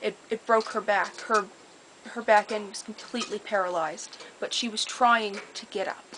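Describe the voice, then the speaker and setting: Woman, mid-pitched voice, earnest casual storytelling, steady and detailed, faint hiss behind. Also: normal speed, poor audio. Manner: earnest, detailed and steady, with small repeated restarts. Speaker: storyteller sharing a personal memory.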